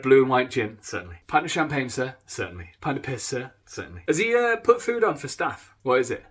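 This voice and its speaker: A man's voice: medium pitch, sharp tone. A man, a comedian performing satirical sketches with dry, sarcastic asides.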